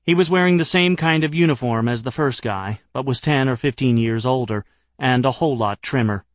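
A man's voice: mid-range voice, fairly quick, no room sound. A man narrating an audiobook in a wry, dry-humored manner.

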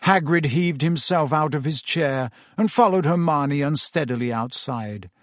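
Brief: male audiobook narrator, fairly high voice, steady storytelling, dry booth sound. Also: a little slow, dry recording.

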